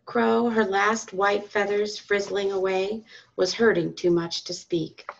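Gravelly-voiced woman reading a storybook. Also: mid-range voice, slow. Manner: calm, expressive storytelling. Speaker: teacher reading aloud. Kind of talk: storybook read-aloud. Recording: dull lo-fi recording.

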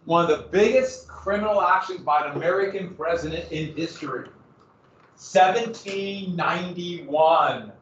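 A man's voice: high-pitched, measured pace, fairly bright tone, a little hiss or hum. Chatty man presenting in a roomy hall. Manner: chatty, digressive, jokey. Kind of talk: casual slide presentation to a small group. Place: room with a small audience. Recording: roomy, distant, slightly dull.

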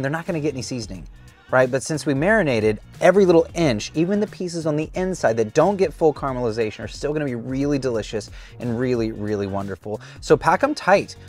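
A man hosting a cooking show, demonstrating a recipe in an upbeat, chatty way that often restarts mid-sentence. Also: mid-range voice. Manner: upbeat, chatty, self-interrupting.

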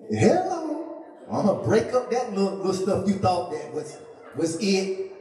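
Pastor, high voice, jokey sermon, booming echoey church from a distant mic. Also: male voice, sing-song, a little slow. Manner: playful, joking with the congregation, rising to a shout. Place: church sanctuary.

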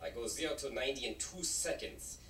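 A man's voice: medium pitch, fairly quick, fairly bright tone, natural voice. An actor playing a boastful male race car with a thick German accent, showy and proud. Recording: echoey game audio from far off with noise.

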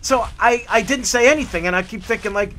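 A man in casual, animated storytelling on a hike along a forest trail. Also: sits high, fairly quick, slight background noise. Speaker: hiking vlogger.

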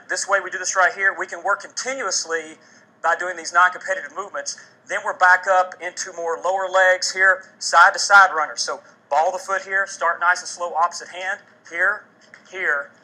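A man's voice: high-pitched, pushed and bright, slightly rough, rough recording. A man working as a fitness trainer, demonstrating a workout and coaching energetically as he exercises during a TV segment, getting out of breath. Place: TV studio.

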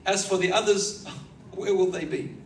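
A male preacher in an echoey hall, heard from a little way off the mic with faint room ambience behind him. His voice sits slightly high for a man. He tells the story with animation and chuckles as he goes. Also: steady tone, normal speed, far from the mic, a little hiss or hum. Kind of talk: sermon, storytelling. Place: lecture hall.

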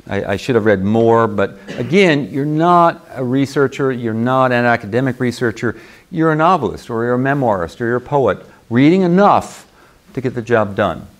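A man teaching a university creative writing seminar, talking loosely and often pausing with "okay?" to check on the class. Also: medium pitch. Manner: rambling, frequent restarts and "okay?" check-ins.

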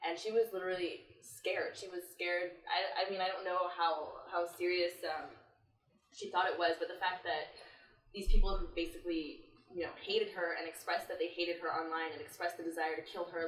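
A young woman student in an interview, talking in an earnest, measured way with many fillers. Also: lowish voice, level tone, a bit bright. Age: young adult. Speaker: student group member. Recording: roomy echo, mic at a distance.

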